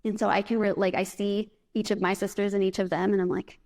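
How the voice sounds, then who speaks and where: A woman's voice: mid-range voice, little pitch movement, quick pace, a little mellow. Woman speaker, chatty and upbeat, motivational conference talk with audience exercises. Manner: chatty, upbeat, filler "like", guides breathing exercises. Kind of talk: casual talk to a live audience. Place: conference presentation.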